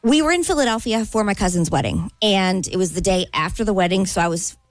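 A woman co-hosting a morning radio show, telling a story in lively casual chat and laughing often. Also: medium pitch, quick pace, no echo, faint music behind.

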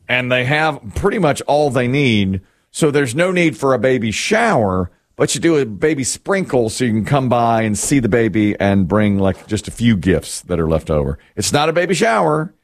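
A middle-aged man chats casually on a talk show, rambling through a wry story about his own household. He laughs at himself often, and his pitch rises and falls a lot as he goes. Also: dry recording, clean studio sound. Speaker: radio show host. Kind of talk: casual chat.

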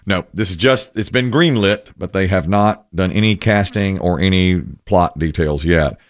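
A man's voice: low-pitched, normal speed, dry recording, studio quality. A middle-aged man hosting a casual talk show, chatty and rambling with wry asides. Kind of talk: casual radio-style chat.

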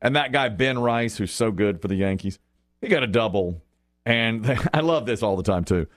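Sports talk guy, super animated, jumps all over in pitch doing bits, dry close sound. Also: moderate pace, dry recording. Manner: animated storyteller, acts out quotes, laughs often. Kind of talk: casual sports chat.

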